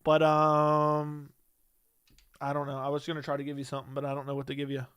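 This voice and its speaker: Blunt streamer man, crisp dry voice. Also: on the high side, completely flat delivery, brisk, a bit bright, no echo. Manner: blunt, dismissive, argues back at chat. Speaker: livestream host reading chat. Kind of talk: casual livestream chat.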